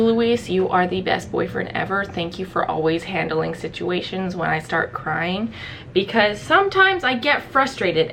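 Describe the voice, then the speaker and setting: A young woman from Ohio tells a story straight to camera. Her voice is bright and sharp, and her pitch sits in the middle of the range. She tells it with animation and acts out the voices of the people she quotes. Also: slight background noise. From Ohio, USA. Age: young adult. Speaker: vlogger. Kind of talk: storytime vlog.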